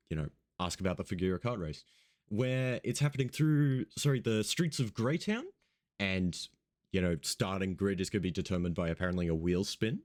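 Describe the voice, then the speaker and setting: Casual male radio host, just woken up, rambling and swearing, low-pitched. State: just woke up, yawning. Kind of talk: casual radio show chat.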